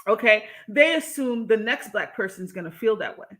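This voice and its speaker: A young woman livestreaming, reading chat and ranting in a sassy, animated way, laughing between her points. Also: fairly high pitch, normal speed. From Jamaica. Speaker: YouTuber reading live chat. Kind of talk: live-stream commentary.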